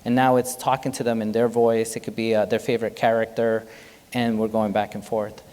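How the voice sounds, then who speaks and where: Doctor guy giving a keynote, chatty and animated, big echoey hotel hall. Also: lowish voice, a little fast. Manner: animated, conversational, jokes with the audience. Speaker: keynote speaker, physician. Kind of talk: conference keynote talk. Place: large hotel conference hall. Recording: long hall reverb.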